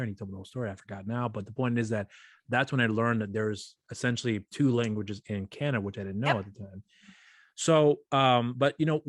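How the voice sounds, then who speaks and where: A man's voice: on the low side, dry recording, studio quality. A man hosting a casual interview show, rambling and often stumbling over his words. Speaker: podcast host.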